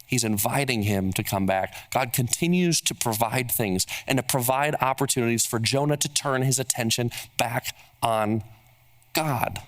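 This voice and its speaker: A man's voice: mid-range voice, normal speed. A man preaching a sermon as pastor, emphatic and building on repeated rhetorical questions.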